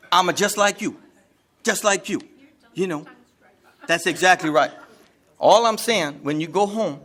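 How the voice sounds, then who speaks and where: This seminar speaker's voice is high-pitched and a bit bright. Addressing a live audience in a seminar room, he rambles, cracks jokes, and says the same things over and over.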